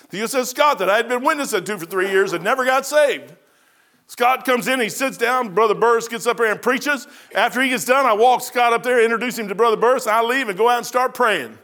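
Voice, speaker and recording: A middle-aged man preaching a sermon, telling folksy stories that swing between loud bursts and quiet asides. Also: extremely high pitch. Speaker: pastor.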